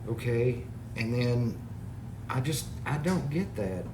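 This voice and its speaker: A man rambles to his viewers in an exasperated, casual way, reading out comments. His voice sits at an ordinary pitch. The room is echoey, with clear noise behind him. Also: lively intonation, slow pace. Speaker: parody video maker. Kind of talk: casual complaint to camera.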